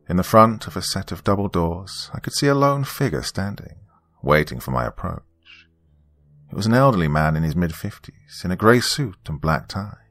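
A man narrating a scripted first-person horror story in a measured, descriptive way. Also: deep voice, a bit bright.

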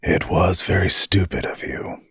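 A man's voice: low-pitched, a little slow, fairly bright tone, breathy edge, no echo, clean studio sound, full character voice. A man voicing a blunt young male halfkin who scolds his brother, in an audiobook fantasy story. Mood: scolding.

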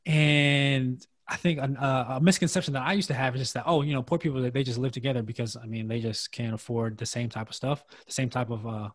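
A man's voice: mid-range voice, steady tone, fairly quick, hardly any pauses. A man hosting a casual podcast conversation, earnest and thinking aloud, restarting his sentences often. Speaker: podcast host.

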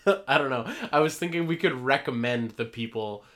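Young man, podcast host, bright voice, loose rambling chat. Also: medium pitch, normal speed. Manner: rambling, laughs often, fillers. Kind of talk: casual chat.

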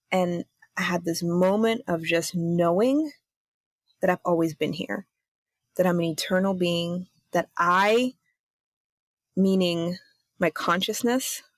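A woman's voice: on the low side, dry recording. A young woman hosting a podcast, telling a personal story in a candid, chatty way, with a skeptical, self-aware tone. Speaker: podcast host.

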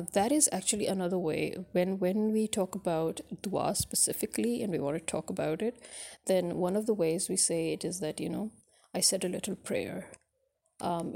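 A woman's voice: fairly low pitch, creaky, warm tone. A woman teaching a spoken English lesson, explaining in a loose way with many fillers.

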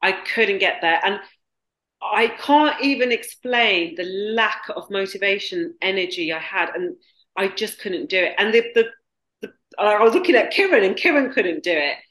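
A woman guest from the UK telling a story haltingly, with many restarts. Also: mid-range voice, lively intonation, a bit bright. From United Kingdom. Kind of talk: candid storytelling. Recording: roomy echo.

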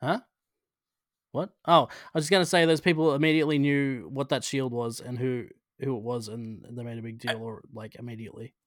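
A man's voice: mid-range voice, steady tone, brisk, dry recording, clean studio sound. A man co-hosting a podcast who chats casually, swears freely and reads a plot summary aloud in a rambling, self-interrupting way. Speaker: podcast co-host.

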